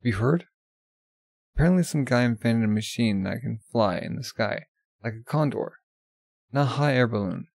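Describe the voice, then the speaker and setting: A man's voice: medium pitch, lively intonation, moderate pace, gravelly, pauses often, a little mellow, dry recording. Man casually reading a comic aloud. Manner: reads character lines in his own voice, stumbling and restarting. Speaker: manga reader.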